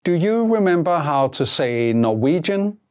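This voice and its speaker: A teacher giving a scripted language lesson, prompting in a measured way and repeating each answer twice. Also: mid-range voice, big pitch swings, noisy background.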